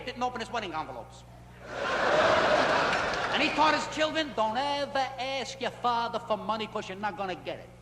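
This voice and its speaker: Comedian guy, high voice, punchy stories, noisy old club recording with laughs. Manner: punchy storytelling with shifting pitch and loudness. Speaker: stand-up comedian. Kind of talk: nightclub stand-up routine. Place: nightclub stage. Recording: echoey club, scratchy 1960s film audio. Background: audience laughter.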